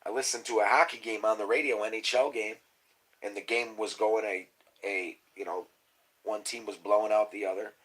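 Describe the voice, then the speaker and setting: Man, lowish voice, rambling livestream talk, profane, conspiratorial, trails off into mumbles. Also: fairly even intonation, moderate pace, fairly bright tone, breathy edge, rough recording. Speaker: livestream host.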